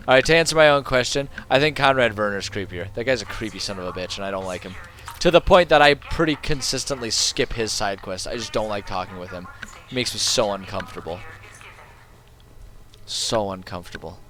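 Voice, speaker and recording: A man's voice: fairly low pitch, animated, normal speed, fairly bright tone. A male streamer giving casual, sarcastic commentary while playing, heckling the characters. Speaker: game streamer. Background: faint game music.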